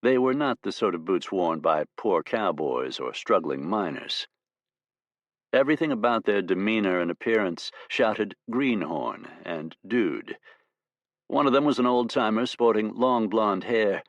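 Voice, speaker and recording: A man narrating an audiobook in a steady, measured storytelling voice. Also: lowish voice, dry recording, dull audio.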